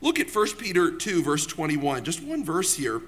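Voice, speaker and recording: Higher-voiced man preaching conversationally. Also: huge pitch swings, normal speed, fairly bright tone. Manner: conversational, asks the congregation questions, personal anecdotes. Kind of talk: sermon.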